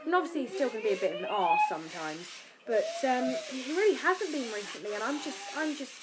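Brief: young British woman, English accent, tired but chatty vlogger, fairly high voice, home recording with steady background noise. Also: quick pace. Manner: chatty, lively, swears casually. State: tired from lack of sleep. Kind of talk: casual chat to camera.

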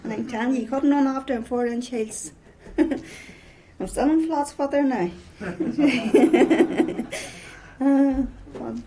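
A woman's voice: high voice, a little fast, hardly any pauses, dark tone, low-quality recording. A middle-aged woman with a Northern Irish accent giving a personal testimony, telling her story with many repeated "I says".

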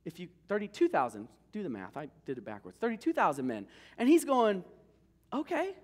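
A man's voice: high voice, huge pitch swings, fairly quick. A man preaching a sermon as pastor, telling the story in a casual, joking way.

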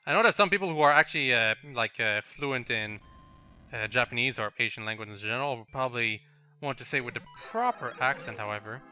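Man, French accent, chatty let's-play host, piercing bright tone, faint music behind. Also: medium pitch, quick pace, smooth. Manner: chatty, laughs at the game, talks to the level maker. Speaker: gaming channel host.

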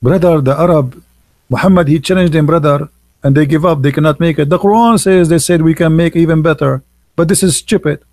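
A man's voice: on the high side, a little fast, darkish tone, no echo. A man hosting a live stream, preaching in an emphatic, scornful, repetitive way in non-native English phrasing. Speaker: livestream host.

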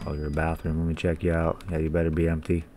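Young guy doing let's play commentary, real low voice, swears and laughs a lot, faint hiss behind. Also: monotone, quick pace, dark tone. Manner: reads game dialogue aloud, swears casually, laughs often. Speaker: gaming channel host.

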